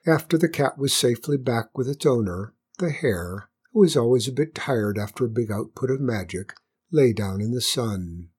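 A woman narrating a children's story with gentle, wry asides. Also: rumbling low, expressive, moderate pace, husky.

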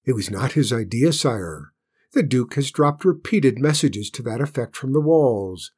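A man with a husky voice voicing a courteous, measured chief adviser to a king in a read-aloud fairy tale. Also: mid-range voice, animated, darkish tone. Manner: gracious, measured. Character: smooth courteous male royal adviser.

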